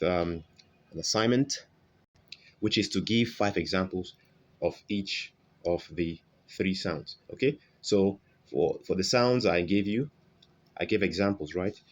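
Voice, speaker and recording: A man's voice: deep voice, dull audio. A man teaching English pronunciation in an online lesson, modelling vowel sounds and repeating examples, often checking in with "okay?". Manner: slow, repetitive, modelling sounds, frequent "okay?" check-ins.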